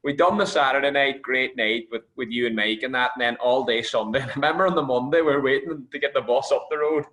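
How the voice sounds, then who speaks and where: A man's voice: medium pitch, quick pace, few pauses. A man with an Irish accent hosting a podcast, telling teasing stories in casual chat, with some swearing. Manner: swearing, teasing, animated anecdotes. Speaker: podcast host.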